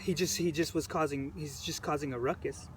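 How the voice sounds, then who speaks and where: A man tells his own story in an earnest, halting way, circling back over phrases as he goes. His voice sits a little high for a man and is picked up from a distance, with faint noise underneath. He sounds moved and close to choking up. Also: fairly even intonation. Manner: earnest, halting, repeats phrases while recounting. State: emotional, choked up. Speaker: protester recounting events. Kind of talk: personal storytelling to camera.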